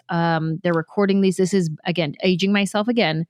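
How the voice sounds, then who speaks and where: Woman from San Jose telling animated stories as a talk show guest, dry studio mic. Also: medium pitch, smooth, dry recording. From San Jose, California. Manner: animated, fast storyteller who acts out quotes. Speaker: comedian guest. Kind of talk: casual interview storytelling.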